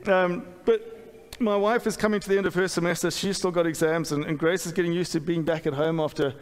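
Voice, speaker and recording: A man's voice: a little high, fairly even intonation, a little fast. A middle-aged man preaching a sermon in a church, candid and self-deprecating, with many fillers and restarts. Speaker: pastor. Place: church hall. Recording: long hall reverb.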